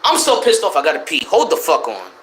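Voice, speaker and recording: A young man from Connecticut ranting profanely to his live chat in a loose, animated way, jumping between loud outbursts and low mutters. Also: fast, echoey room, slight background noise. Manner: profane, animated, swings between shouting and mumbling. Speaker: livestreamer. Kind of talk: unfiltered casual rant to live chat. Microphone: streaming mic.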